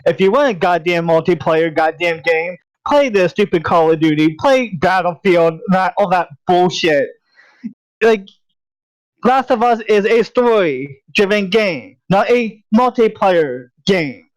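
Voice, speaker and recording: A man co-hosting a podcast rants in exasperation, swearing and leaning heavily on "like" in profane podcast chatter. His voice sits high and his pace is measured. The recording is dry with no room sound, and the highs are cut off.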